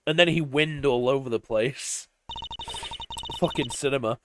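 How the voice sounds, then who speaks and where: A man's voice: medium pitch, measured pace, long pauses, over music. Sarcastic male game streamer. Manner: dry, sarcastic, swearing. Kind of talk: reading a game aloud with profane asides.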